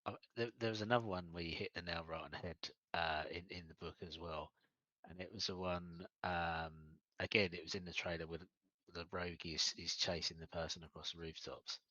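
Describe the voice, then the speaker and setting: A man's voice: deep voice, steady tone, fairly quick, bright, forceful tone, no room sound. A man co-hosting a casual chat, speaking enthusiastically and stumbling over repeated words as he starts sentences. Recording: dry, dull lo-fi mic.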